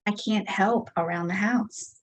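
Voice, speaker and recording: A woman leading a tapping session, speaking slow repeated affirmations about her frustration. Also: mid-range voice. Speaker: EFT tapping practitioner. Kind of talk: guided tapping script, slow repeated phrases.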